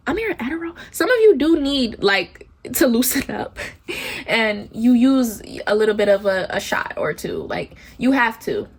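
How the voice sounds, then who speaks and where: Blunt, chatty woman reading tarot. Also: on the high side. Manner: blunt, candid and chatty, with casual swearing. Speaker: tarot reader. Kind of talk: pick-a-card tarot reading.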